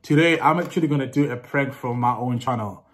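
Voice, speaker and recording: Male vlogger, mid-pitched, relaxed chatty delivery, frequent laughs. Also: brisk. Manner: chatty, loose, laughs often. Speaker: YouTuber. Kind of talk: casual vlog chat to camera.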